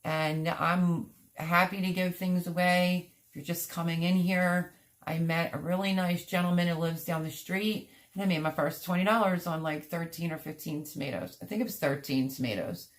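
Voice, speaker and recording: Tired, chatty woman with a low voice. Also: steady tone, normal speed. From Pennsylvania. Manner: rambling, chatty, many fillers and restarts. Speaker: gardening livestream host. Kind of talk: casual live-stream chat reading comments.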